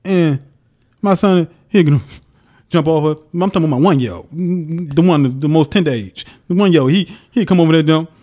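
A young man with a fairly high voice talks with strong conviction. He sounds like a podcast guest in a casual faith discussion. His delivery is forceful and preacher-like, and he lays his points out plainly. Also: fairly quick.

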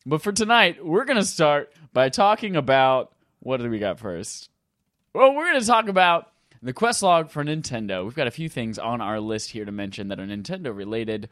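A man's voice: medium pitch, sing-song, brisk, fairly bright tone, no room sound, clean studio sound. A man hosting a gaming podcast in casual chat, joking and irreverent, with playful asides as he runs through the news. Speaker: podcast host.

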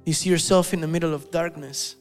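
A male preacher giving an animated sermon, telling stories and acting out the quotes. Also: on the high side, brisk, soft background music. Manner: animated, storytelling, with acted-out quotes.

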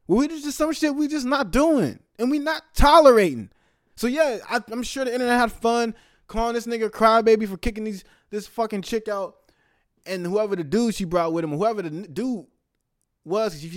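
Brief: young man, casual rant, cursing, dry close mic, voice a bit high. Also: dry recording. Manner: profane, heated, swings from loud outbursts to low mumbling asides. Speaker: commentator. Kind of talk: casual ranting commentary.

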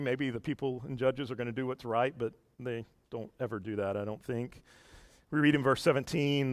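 A male pastor with a rather high voice preaches in an easy, conversational manner. He keeps asking the listeners questions and drops quiet for asides. The sound is dry and close. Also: no echo. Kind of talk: sermon.

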